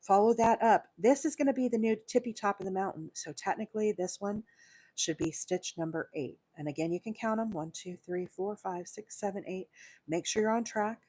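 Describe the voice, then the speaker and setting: A woman's voice: mid-range voice, moderate pace, warm tone. A woman from Alabama, patiently talking viewers through a crochet pattern step by step on a live stream. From Alabama, USA. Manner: patient step-by-step instruction, counting stitches aloud, frequent fillers. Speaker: crochet livestream host.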